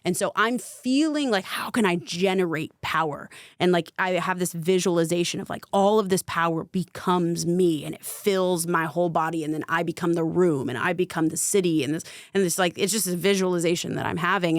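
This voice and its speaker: In a dry, clean studio recording, a young adult woman with a fairly low voice talks at normal speed. She's a spiritual coach on a podcast, sharing a personal story in a loose, chatty manner. Her retelling is vivid and full of "like" fillers.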